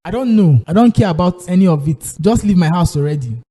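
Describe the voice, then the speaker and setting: A man with a Nigerian accent voicing a betrayed, furious husband in a cartoon drama, husky and accusing. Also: sits high, lively intonation, brisk. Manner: accusing, shouting.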